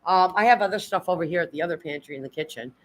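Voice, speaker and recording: Speaking at a racing pace in a lowish voice, this middle-aged livestreamer chats from her home while showing her pantry. Easily moved, she thanks viewers emotionally and seems near tears, all over a very noisy recording.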